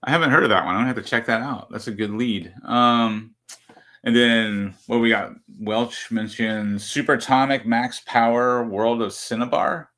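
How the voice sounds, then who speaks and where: A man co-hosting a casual chat, easygoing and trailing off softly at times. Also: medium pitch, moderate pace. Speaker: podcast co-host.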